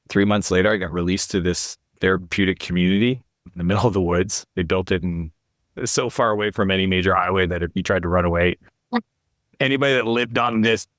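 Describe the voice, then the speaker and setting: A man's voice: low voice, fairly bright tone, no echo, studio quality. A middle-aged man, a podcast guest, telling his life story candidly and earnestly, often quoting other people as he goes.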